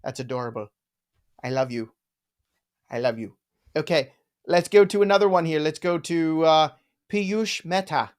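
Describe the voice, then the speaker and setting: A man's voice: on the high side, normal speed, pauses often. A man hosting a live fantasy football show, joking around and riffing on names in casual chat. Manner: playful, jokey, riffs on names.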